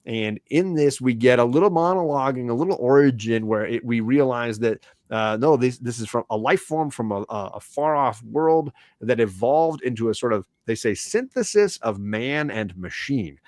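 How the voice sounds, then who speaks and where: A man's voice: mid-range voice, normal speed, few pauses, dry recording. Casual male podcast host, dry sound. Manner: animated, acts out characters' lines in silly voices. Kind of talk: casual comics discussion.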